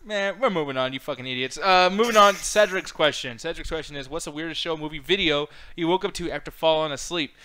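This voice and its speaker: A male co-host rambling quickly through a casual late-night chat. His voice is bright and edgy, with loose swearing, filler, and viewer questions read aloud. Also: a little high, smooth. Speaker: podcast co-host.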